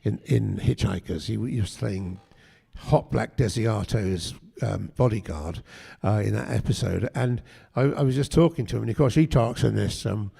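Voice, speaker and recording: Gravelly older man in echoey hall. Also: lowish voice, normal speed, few pauses, mellow. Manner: chatty and anecdotal, with frequent restarts. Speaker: guest actor. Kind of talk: convention panel interview. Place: convention panel room.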